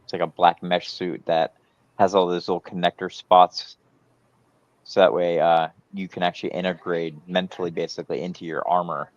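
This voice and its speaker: Low-voiced man, muffled lo-fi audio, rambling casual explainer. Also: flat delivery, normal speed. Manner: explains at length with many fillers. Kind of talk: casual livestream chat.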